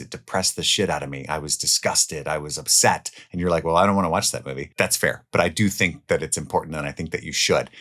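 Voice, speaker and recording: A man with a very low, deep voice gives his picks of the year's films in a loose, chatty way. His delivery swings between excited, louder bursts and quiet, muttered asides, with the odd swear word. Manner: enthusiastic, swears casually, jumps between loud highs and quiet lows. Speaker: film reviewer. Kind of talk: casual spoken movie countdown.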